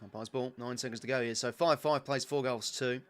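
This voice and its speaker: Watching a football match as a fan, a young Australian man keeps up casual, partisan commentary, chatting away with occasional bursts of excitement. His voice is medium in pitch and a little fast.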